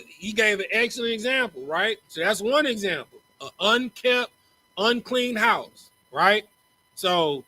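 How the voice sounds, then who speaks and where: High-voiced, joking man giving a casual lecture. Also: pushed and bright, rough recording. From Texas. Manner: slangy, joking, repeats words when starting lines. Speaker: teacher in a religious group class.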